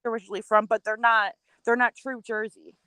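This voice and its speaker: A woman's voice: on the high side, little pitch movement, fast talker, bright, forceful tone, clean tone, dry recording. A woman from upstate New York chatting on a panel, talking emphatically and repeating words as she gathers her thoughts. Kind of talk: casual chat.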